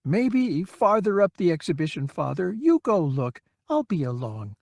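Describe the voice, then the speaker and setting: A man doing a worried middle-aged woman, pitched high and hushed, who apologizes in a tired, urgent way. The reading is close and dry. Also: big pitch swings, moderate pace, gravelly, no room sound, heavily acted. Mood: anxious, apologetic. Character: anxious middle-aged daughter, weary and apologetic.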